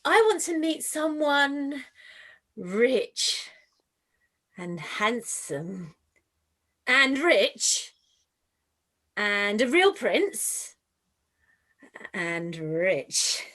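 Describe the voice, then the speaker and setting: A sulky, self-pitying Cinderella, played by a woman in an amateur panto, whining and sighing melodramatically. Her voice is high and swoops a lot, and she talks slowly. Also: big pitch swings, fairly bright tone, full character voice. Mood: pouty.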